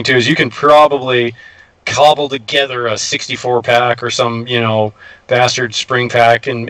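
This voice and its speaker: A man's voice: mid-range voice, fairly bright tone, dry recording, poor audio. Man, rambling casual guest, lots of "you know", dry close recording. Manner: rambling, many fillers and restarts. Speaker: guest truck builder. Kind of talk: casual chat.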